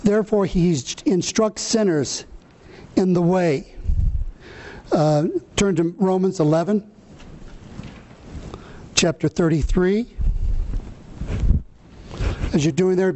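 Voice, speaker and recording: A man preaching a sermon, reading scripture slowly and earnestly, with some fillers and restarts. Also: high voice, a little mellow.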